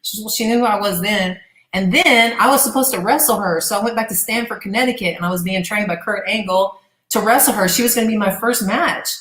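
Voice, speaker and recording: A woman's voice: medium pitch, a little fast, a bit bright, echoey room, poor audio. A middle-aged woman, a former gladiator guest, telling a casual and profane story in an interview.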